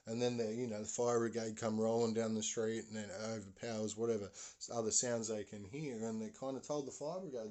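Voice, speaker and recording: A man's voice: fairly low pitch, normal speed, darkish tone. A man telling a spooky story as a podcast host, casual and rambling with many fillers and restarts.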